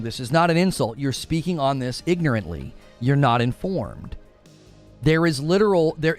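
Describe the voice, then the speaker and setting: A man streaming live about gaming news, arguing heatedly with a regular viewer and calling out studio decisions. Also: fairly high pitch. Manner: heated, argumentative, rising to excited shouts.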